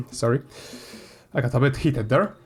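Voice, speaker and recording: A gaming YouTuber reads a statement aloud, then breaks into heated commentary, swearing and flaring up loudly. His medium-pitched voice is animated yet a little slow, with faint music behind him.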